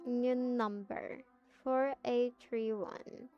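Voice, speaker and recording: A woman's voice: on the high side, fairly even intonation, extremely slow, highs cut off, soft background music. A woman streaming a game, chatting casually, laughing and teasing as she plays.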